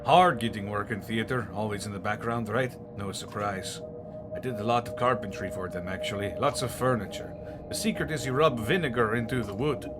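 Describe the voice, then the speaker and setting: A man's voice: on the low side, a little fast, over loud music, lightly acted. A man reading as a rambling rogue oddball. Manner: rambling, matter-of-fact storytelling. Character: rambling oddball male rogue, thief and songwriter. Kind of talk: reading game dialogue aloud. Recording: noisy background hiss.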